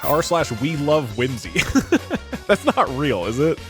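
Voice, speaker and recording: Animated high-voiced male streamer. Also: slow, soft background music. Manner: animated, joking, laughs often. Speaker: streamer and game master. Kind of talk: narrating an AI tabletop game.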